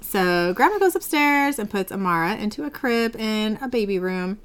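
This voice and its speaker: A woman's voice: medium pitch, expressive, normal speed, clean tone. A woman hosting a casual podcast, animatedly retelling a show's episode and giggling often. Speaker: podcast host.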